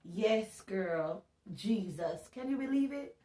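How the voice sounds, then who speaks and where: A woman giving a casual, animated Bible talk, chatty and joking at her own expense. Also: medium pitch, takes it slowly. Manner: chatty and animated, laughs at herself. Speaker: Bible teacher. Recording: roomy sound from a distance.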